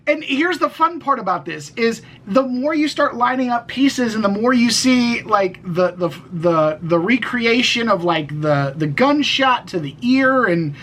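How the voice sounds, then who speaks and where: A man's voice: extremely high pitch, animated, unhurried, few pauses, a bit bright, rough recording. Podcast co-host, male, rambling and swearing, faint hiss behind. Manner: rambling, many restarts and fillers, swears. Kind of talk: casual political chat.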